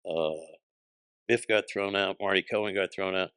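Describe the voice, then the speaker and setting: A comedian guest on a podcast, a man telling anecdotes in a lively way and acting out the people he quotes. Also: low voice, normal speed, smooth, no echo. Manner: animated, acts out quoted voices. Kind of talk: storytelling anecdotes.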